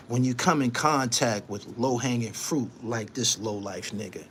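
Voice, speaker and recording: A man's voice: medium pitch, moderate pace, hardly any pauses, a bit bright, slight background noise. A man hosting his own online show, delivering a heated live-stream monologue, emphatic and repetitive, scolding someone and invoking his faith.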